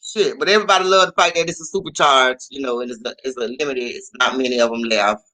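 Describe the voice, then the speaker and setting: A man telling a story in a casual vlog, profane and animated, often repeating his phrases. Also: medium pitch, fast talker, rough recording. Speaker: vlogger.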